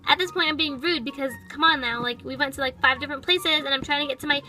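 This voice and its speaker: A woman's voice: sits high, steady tone, quick pace, sharp tone, faint music behind, poor audio. A woman voicing a sassy, impatient pet toy girl, narrating a toy storytime with sarcastic, valley-girl chatter.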